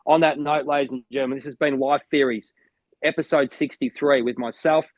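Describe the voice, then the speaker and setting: A man's voice: mid-range voice, fairly even intonation, a little fast, dry recording. An Australian man co-hosting a podcast as a motivational coach, talking in an enthusiastic, rambling way with lots of restarts. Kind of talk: casual chat.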